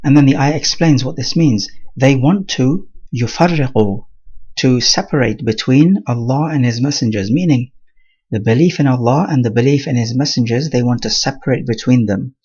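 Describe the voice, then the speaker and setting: Male Quran teacher, husky voice, steady explanatory lesson, dull lo-fi sound. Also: medium pitch. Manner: measured explanatory delivery mixing Arabic terms.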